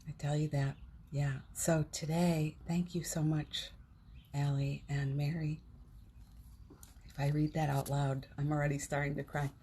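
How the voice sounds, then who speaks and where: Low-pitched and warm, this woman speaks in a level tone at a slightly slow pace, with some background noise. She's hosting a casual inspirational livestream from home on her phone, rambling sincerely and restarting often amid lots of fillers.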